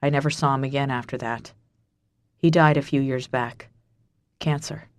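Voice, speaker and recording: A woman narrator voicing a brooding mafia boss with a low, gravelly voice, in an audiobook. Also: fairly even intonation, moderate pace, lightly acted. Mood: bitter. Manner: quiet, clipped, bitter.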